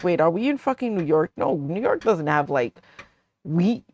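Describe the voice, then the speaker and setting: A woman's voice: fairly low pitch, big pitch swings, normal speed, darkish tone. A woman hosting a let's play, giving rambling, jokey commentary as she plays. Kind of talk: casual game commentary.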